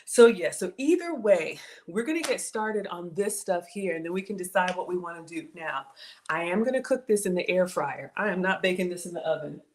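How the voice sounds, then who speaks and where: A woman's voice: on the low side, lively intonation, fairly quick, slight background noise. A woman with a Southern US accent hosting a casual cooking livestream, chatting with viewers and thanking them often, trailing off and restarting her sentences. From Southern United States.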